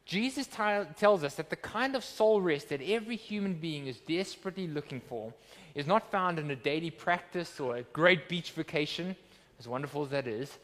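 A man's voice: on the high side, lively intonation, normal speed, fairly bright tone, big-room sound. A man preaching a sermon as pastor, earnest and emphatic, with rhetorical questions. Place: church.

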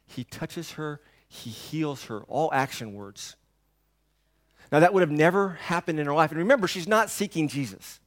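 A male pastor preaching a sermon in a church, rising to loud emphasis and then dropping to a hush, often asking the congregation rhetorical questions. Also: a little high. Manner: dynamic preaching, swings between hushed and loud.

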